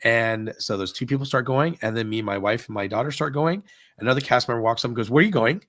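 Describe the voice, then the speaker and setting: A middle-aged man casually telling a long story on a podcast, acting out what everyone said with lively shifts. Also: mid-range voice, fast talker, dry recording. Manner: animated retelling, acting out dialogue.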